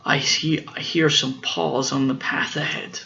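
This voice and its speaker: A dad doing a slow, gullible storybook monster. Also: male voice, a little high, flat delivery, gravelly, dull audio, noisy background. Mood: wondering.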